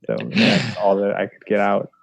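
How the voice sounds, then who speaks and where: A man's voice: lowish voice, fairly even intonation, moderate pace, dry recording. A man from Detroit, a comedian guest on a podcast, talking casually and self-deprecatingly about his craft. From Detroit, United States. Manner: easygoing, self-deprecating, hedging.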